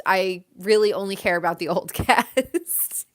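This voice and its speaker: A woman's voice: medium pitch, unhurried. A woman hosting a casual chat about reality TV, gushing and chatty, often laughing. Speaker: host.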